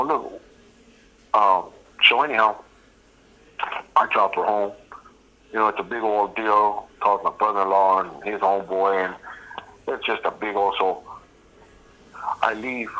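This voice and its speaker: A man's voice: on the low side, sharp tone, rough recording. A middle-aged man, telling a prison-life story bluntly and with profanity. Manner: blunt, profane, streetwise, repeats "you know what I mean". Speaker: host. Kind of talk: casual storytelling.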